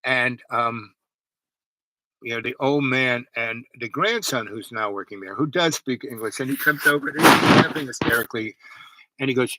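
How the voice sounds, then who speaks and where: A man's voice: medium pitch, moderate pace, heavy background noise. A man telling a meandering personal story, full of asides and restarts.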